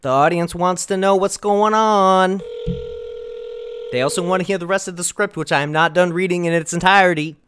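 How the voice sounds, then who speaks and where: A man's voice: high-pitched, normal speed, fairly bright tone, a little hiss or hum. A man streaming himself prank-calling and leaving voicemails, reading a script with theatrical, mock-dramatic flair and sudden exaggerated outbursts. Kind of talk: comedic voicemail rant.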